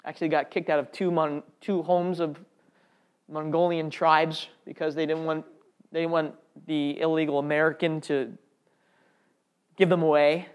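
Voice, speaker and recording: A man's voice: on the high side, little pitch movement, moderate pace, smooth. A man telling an audience his personal faith testimony in an earnest, heartfelt way. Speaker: speaker sharing a testimony.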